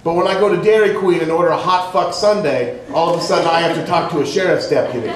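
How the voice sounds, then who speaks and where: A male comedian doing a stand-up routine on a club stage, loud and punchy with stammering restarts. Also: high voice, lively intonation, moderate pace, a crowd in the background. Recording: echoey club from far off.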